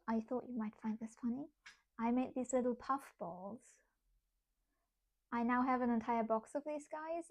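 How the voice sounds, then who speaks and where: A woman's voice: fairly high pitch, darkish tone. A young woman chatting casually on a craft livestream while answering chat, rambling and self-amused. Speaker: artist streamer.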